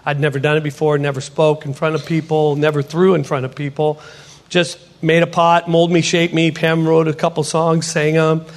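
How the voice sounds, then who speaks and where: A middle-aged man giving a spoken testimony in a church setting, an animated storyteller who acts out the dialogue. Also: on the high side, moderate pace. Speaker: potter and ministry speaker. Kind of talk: testimony sermon.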